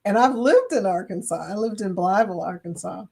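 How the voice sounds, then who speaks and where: A woman's voice: medium pitch, lively intonation, a little fast, vocal fry, darkish tone, husky. A woman with a Kentucky accent hosting a casual livestream chat, chatting away, reading viewer comments aloud and laughing often. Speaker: livestream host.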